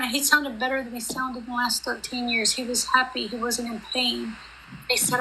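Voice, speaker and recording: Bright-voiced woman, rambling and heartfelt. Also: a little high, steady tone, brisk, slight background noise, rough recording. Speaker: guest on a group live stream. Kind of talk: emotional casual chat.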